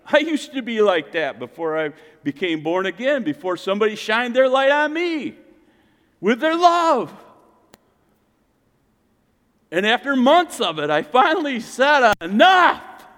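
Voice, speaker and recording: A male pastor delivering a sermon with a fairly high voice. He preaches dynamically, rising to loud cries and then dropping to hushed intensity. The sound rings with the long reverb of a church hall. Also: sing-song, moderate pace, hardly any pauses.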